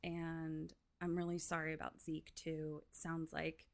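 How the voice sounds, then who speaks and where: A woman voicing a quiet, polite young male soldier in a soft, low-key, apologetic way. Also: monotone, unhurried, vocal fry. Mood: calm, soft.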